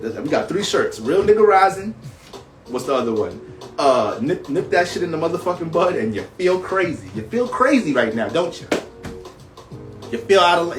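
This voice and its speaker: Profane, animated man, echoey room. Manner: profane, streetwise, animated, jumps up and down in pitch. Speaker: astrology livestream host. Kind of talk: casual livestream talk. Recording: echoey room with faint music.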